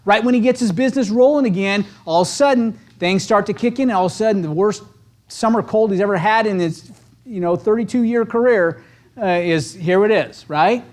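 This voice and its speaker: A man delivers an energetic motivational training talk to real estate agents, keeping it punchy and conversational. He constantly checks in with "right?", speaking briskly in a voice that sits high.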